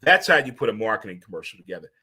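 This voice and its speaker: A man from St. Louis hosting a casual monologue, animated and preachy, swearing freely as he gives pep talks. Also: fairly low pitch, racing, very noisy. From St. Louis, USA. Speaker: host.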